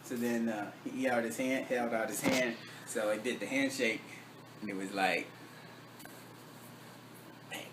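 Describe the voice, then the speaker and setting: A man casually telling a story about a doctor visit, acting out both sides of the talk and dropping his voice low and soft for the doctor's lines. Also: steady tone, unhurried, long pauses. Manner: retells a doctor visit with quoted dialogue, drops voice low and soft for the doctor. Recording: echoey room, far from the mic, faint noise.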